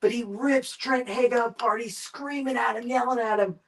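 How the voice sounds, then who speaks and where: A man guesting on a live chat show, telling long, animated and profane anecdotes about film work. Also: extremely high pitch, normal speed, distant mic, rough recording. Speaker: guest, makeup effects artist and director.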